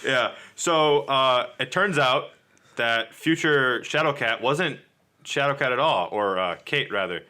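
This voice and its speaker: A man's voice: mid-range voice, animated, unhurried, bright, forceful tone. A man co-hosting a podcast, casually recapping comic book issues and acting out the characters' lines. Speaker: podcast co-host.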